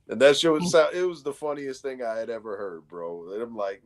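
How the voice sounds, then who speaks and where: Guy on a stream chat, low voice swinging all over, slangy, swears a lot. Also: normal speed, hardly any pauses. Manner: animated storytelling, swearing, slangy. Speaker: livestream co-host. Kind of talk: casual chat.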